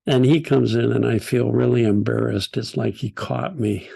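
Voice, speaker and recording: An older man teaching a group, telling stories in a gentle, unhurried way with soft laughs. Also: medium pitch, steady tone, vocal fry, breathy edge. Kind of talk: storytelling talk.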